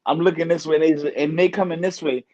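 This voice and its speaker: A boxer talking casually as a podcast guest, animated and profane, often laughing. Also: male voice, on the high side, fast, no room sound, muffled recording. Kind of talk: casual interview talk.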